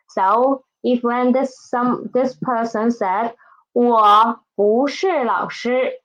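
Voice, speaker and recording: A woman teaching a beginner language lesson, speaking patiently and repeating each word so that learners can follow. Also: on the high side. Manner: patient, repeats words and asks "right?". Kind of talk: slow, careful classroom instruction. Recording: dull, lo-fi recording.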